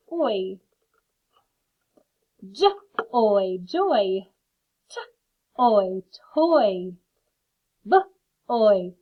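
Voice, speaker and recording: A woman teaching a phonics lesson to children, carefully sounding out words and adding friendly chatty asides. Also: on the high side. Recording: phone-like lo-fi audio.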